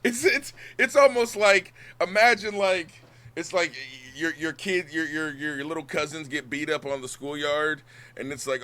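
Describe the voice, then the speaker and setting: A man's voice: fairly high pitch, moderate pace, sharp tone. A man hosting a livestream chat with a guest, joking around, swearing freely and laughing often.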